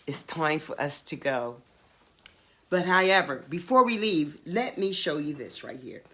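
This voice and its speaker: Hosting a casual livestream from home, an older woman announces events and pitches her wares, urging viewers on. She speaks slowly and emphatically, stretching her words, in a bright, lively, slightly rough voice that rises and falls a lot.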